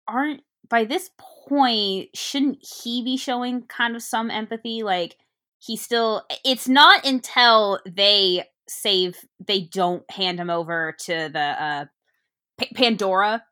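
Rambling bright-voiced woman reviewing a movie. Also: medium pitch, slow pace. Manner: rambling, searching for words mid-sentence. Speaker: podcast co-host. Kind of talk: casual movie review chat.

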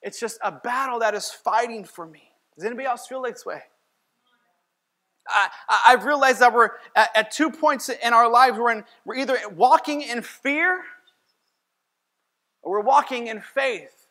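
Bright-voiced pastor preaching casually. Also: male voice, very high-pitched, moderate pace. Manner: conversational, acts out his own voice in quotes. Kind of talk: sermon with personal story.

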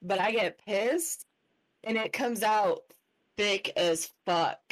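A woman's voice: mid-range voice, slow pace. A woman with a Southern US accent chatting sassily, with lots of swearing. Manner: sassy, profane. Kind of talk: casual chat.

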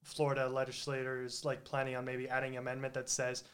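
A man's voice: medium pitch, completely flat delivery, quick pace, a bit bright. A man hosting a casual political chat, speaking hesitantly with frequent fillers.

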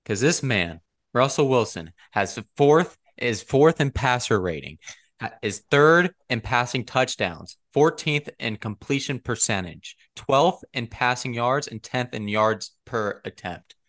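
A young man hosting a casual sports chat, animated and argumentative. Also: medium pitch, measured pace. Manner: animated and argumentative, leading the rundown. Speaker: podcast host.

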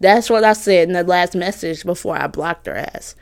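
A woman's voice: on the low side, normal speed. A woman in her twenties, a college student telling a heated storytime, swearing and ranting with mocking asides. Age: 20s. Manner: animated, profane, heated, mocking voices of others.

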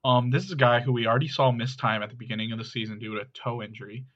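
A man's voice: mid-range voice, very fast, muffled recording. A man co-hosting a casual fantasy basketball podcast, talking through player stats steadily with frequent ums. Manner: steady, analytical, with many ums. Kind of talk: casual sports chat.

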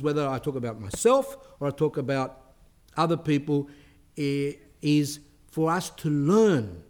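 A priest reads from a religious book and explains it to his listeners, his voice climbing as he stresses each lesson. His pitch sits somewhat high for a man. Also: a little mellow. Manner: earnest, rising emphasis on key points. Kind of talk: spiritual talk reading and explaining a text.

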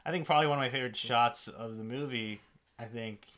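A man's voice: mid-range voice, quick pace, a bit bright. A man co-hosting a podcast, reviewing a film in casual chat, rambling with lots of fillers. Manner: rambling, filler-heavy, laughs easily. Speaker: podcast co-host.

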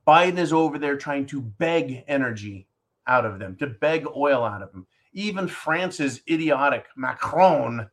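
Ranting man host, animated and sarcastic. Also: mid-range voice, measured pace. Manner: addresses listeners as folks. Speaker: host reading listener questions. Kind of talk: casual opinion talk show.

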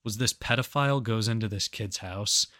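A man's voice: lowish voice, normal speed, sharp tone, no room sound, clean studio sound. A young man co-hosting a podcast, telling crude jokey stories in casual chat. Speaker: podcast co-host.

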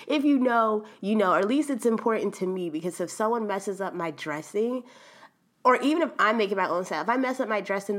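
Young woman podcasting, chatty and animated, laughs a lot, mid-pitched voice. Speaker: podcast host. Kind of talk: casual storytelling monologue.

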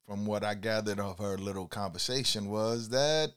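A man with a lowish, fairly bright, smooth voice speaks at a normal speed. He's a driver telling his passenger stories from the road, dispensing life advice in a casual, preachy, laid-back way and saying "you know" a lot.

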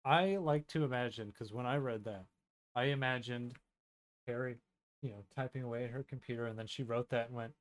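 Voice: medium pitch, brisk. A podcast co-host chatting casually about a book in a blunt, profane, sardonic way. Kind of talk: casual book-club chat.

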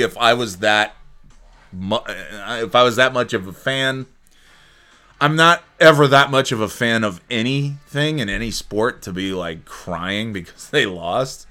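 A man's voice: medium pitch, sharp tone. A man hosting a casual solo sports talk show, rambling and joking with many fillers and restarts. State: sleepy, yawning. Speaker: sports podcast host.

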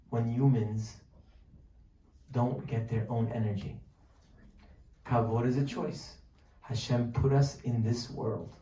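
Male preacher, mellow voice from a distance in a roomy hall, lively rhetorical delivery. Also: mid-range voice. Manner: animated, rhetorical questions, acts out pleading voices. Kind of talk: sermon. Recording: distant mic, echoey room, faint noise.

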